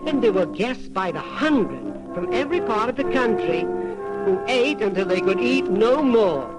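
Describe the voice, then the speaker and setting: A man narrating a fairy tale audiobook in a lively, rhythmic telling. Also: sits high, poor audio. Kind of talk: storybook narration. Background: background music.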